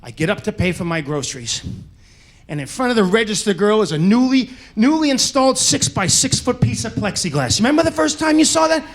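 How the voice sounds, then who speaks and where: A man doing stand-up storytelling, shouting punchlines and acting out the people in his stories. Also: high-pitched, fairly quick. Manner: animated, shouts punchlines, acts out characters. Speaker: stand-up comedian. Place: comedy stage.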